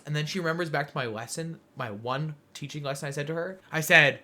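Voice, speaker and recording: A young man co-hosting a podcast, telling a funny story in casual chat, animated and laughing often as he acts out quotes. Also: on the high side, quick pace. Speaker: podcast co-host.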